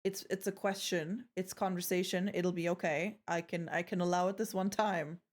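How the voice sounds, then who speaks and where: Her voice sits on the low side with fairly even intonation and normal speed as this young woman streams live. She chats playfully with her audience, joking and cursing freely, trailing off and restarting as she talks.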